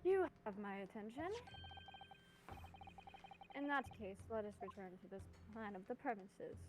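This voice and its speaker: A woman's voice: medium pitch, lively intonation, moderate pace, background noise. A woman streamer reading game dialogue in a composed, formal tone and chatting casually between lines. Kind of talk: casual let's-play chat and dialogue reading.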